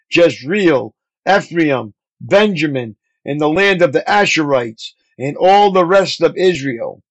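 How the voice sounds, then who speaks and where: A male pastor reading scripture aloud in a measured, phrase-by-phrase way. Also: high voice. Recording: dull lo-fi audio.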